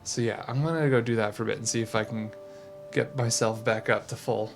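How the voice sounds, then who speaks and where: A man's voice: medium pitch, fairly even intonation, fairly quick, gravelly, over music. A man playing a tabletop game, talking casually and joking. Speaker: player.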